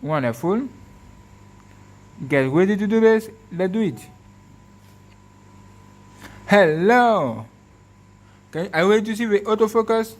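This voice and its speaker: Excitable man whooping at a phone demo. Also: high voice, unhurried, long pauses. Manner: speaks in short repeated commands. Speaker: tech video host.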